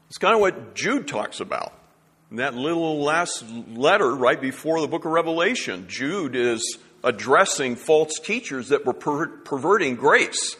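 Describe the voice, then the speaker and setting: A man's voice: fairly high pitch, a bit bright, husky. A male pastor giving a sermon in an earnest, emphatic way, often restarting phrases as he builds a point. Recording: long hall reverb.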